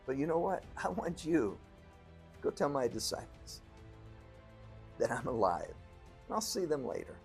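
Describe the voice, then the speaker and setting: A man voicing a calm teacher consoling a grieving follower in a gentle, reassuring way. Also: mid-range voice, unhurried, gravelly, pauses often, faint music behind.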